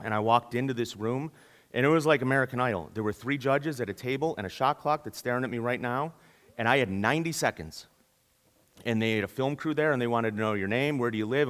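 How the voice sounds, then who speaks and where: A man giving a keynote at a conference, telling a story in a lively way and acting out the voices of the people in it. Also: mid-range voice, a little fast. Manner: lively, acts out quoted voices. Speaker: keynote speaker. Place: conference hall. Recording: long reverb in a large hall.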